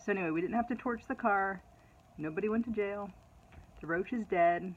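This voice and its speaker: A middle-aged woman vlogging to her followers, telling a personal story in a chatty, animated way. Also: medium pitch, a little fast, muffled recording. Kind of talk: casual personal storytelling to camera.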